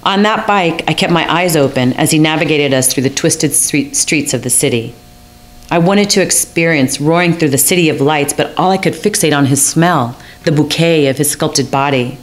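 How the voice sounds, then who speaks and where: Low-voiced wry woman storyteller. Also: normal speed. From United States. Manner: wry, self-mocking, theatrical. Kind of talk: personal story performance.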